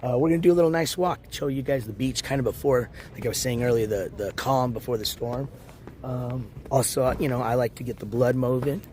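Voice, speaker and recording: A man livestreaming from a beach in the morning, hoarse and losing his voice, rambling as he walks and shouts out viewers in chat. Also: medium pitch, brisk, slight background noise. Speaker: IRL livestreamer. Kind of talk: casual live-stream chat.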